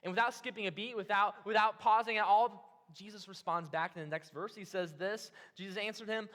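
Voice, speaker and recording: Bright-voiced animated male preacher in hall. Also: sits high, fairly quick, few pauses. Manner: animated storytelling, acts out the disciples' reactions. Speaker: pastor. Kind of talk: sermon.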